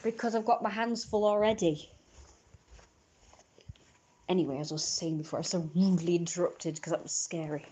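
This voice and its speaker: A woman's voice: lowish voice, a little fast, pauses often, dark tone. Chatty woman vlogger, swearing. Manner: rambling, swears freely, laughs often. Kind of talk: casual chat to camera. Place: at home.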